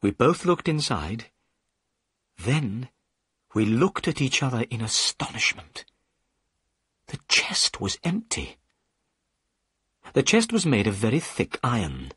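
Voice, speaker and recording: A man narrating a simplified story for learners with clear, measured pacing. His pitch moves in a lively way and his voice has a husky edge. The sound is dry and close. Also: no echo. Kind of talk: scripted audiobook narration for learners.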